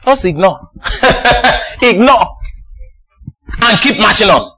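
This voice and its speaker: Exuberant high-voiced preacher, laughing and shouting. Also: male voice, expressive, slow pace, husky. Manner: exuberant, laughing, shouting praise, calls to the congregation. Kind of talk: sermon.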